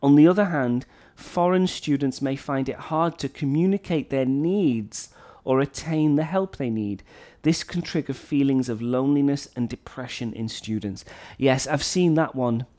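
A man's voice: mid-range voice, normal speed, warm tone. A middle-aged man from North Wales, a teacher, talking earnestly through a blog post and repeating his key points for emphasis. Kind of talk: educational talk reading and commenting on a blog post.

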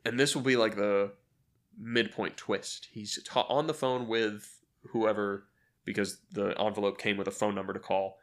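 Low-voiced man pitching a story. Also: steady tone. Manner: acts out characters in quick quoted voices, laughs often. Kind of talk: casual brainstorming chat.

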